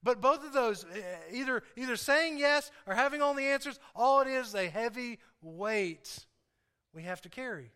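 High, bright-voiced man preaching earnestly. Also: moderate pace, smooth. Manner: earnest, repeats phrases for emphasis; confessional, talks straight to the congregation. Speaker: pastor. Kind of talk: sermon.

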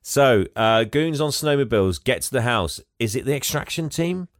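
A man's voice: mid-range voice, lively intonation, normal speed, no room sound, studio quality. A man co-hosting a podcast, animatedly retelling a film and quizzing his co-host. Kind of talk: casual chat, film recap.

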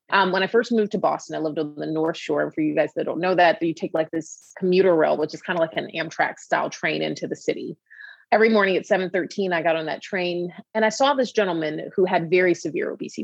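Brief: woman doctor guest, lowish gravelly voice, chatty storyteller, dull dry studio sound. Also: dry recording. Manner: animated storyteller, frequent "you know" asides. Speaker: obesity medicine physician guest. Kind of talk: conversational explanation on a talk show.

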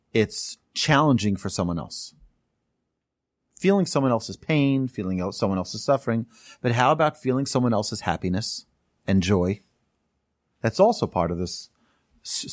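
A man teaching a class, telling stories earnestly and emphatically, often restarting his sentences and slowing down to stress key points. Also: mid-range voice, dry recording, studio quality. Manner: slows down to stress key phrases.

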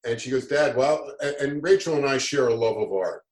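A middle-aged man talks in an upbeat, motivational tone, pausing on fillers and restarting phrases as he works through a point. His voice sits in a middle pitch and carries a noticeable roomy echo. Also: expressive. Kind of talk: motivational conversation.

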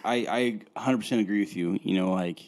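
A man's voice: lowish voice, quick pace, a little mellow. A young man co-hosting a podcast in laid-back casual chat, peppering his talk with "like" and "man". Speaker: podcast co-host.

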